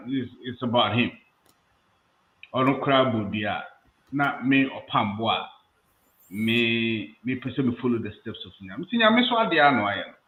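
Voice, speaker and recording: A Ghanaian man makes his points with firm, opinionated talk on a chat show. His voice comes through thin and phone-like. The sound also carries a roomy echo. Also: medium pitch. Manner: opinionated, argues with Bible examples. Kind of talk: casual talk show discussion.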